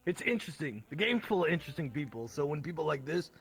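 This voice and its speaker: Man, gravelly throat voice, husky, laid-back, casual swearing. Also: big pitch swings, quick pace, soft background music. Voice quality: gravelly deep put-on throat voice. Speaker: guest, streamer. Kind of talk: casual interview chat.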